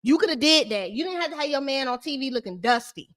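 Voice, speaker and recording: A woman hosting a live-stream recap of a reality show, talking in a sassy, shady, animated ranting way. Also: sits high, fast talker. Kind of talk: casual live-stream commentary.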